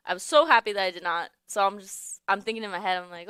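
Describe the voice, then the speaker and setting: Bright, chatty young woman radio host. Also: medium pitch, moderate pace, clean tone, no echo. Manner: chatty, laughs often, trails off searching for words. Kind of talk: casual chat. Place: radio studio. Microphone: studio microphone.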